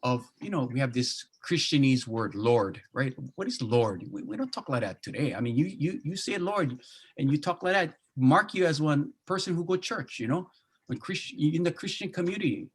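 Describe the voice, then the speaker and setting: Husky-voiced man with a Hawaiian Pidgin accent. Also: a little high, animated, moderate pace. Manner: easygoing, slips into Pidgin phrasing, many restarts. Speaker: pastor and Bible translator. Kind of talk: casual panel discussion.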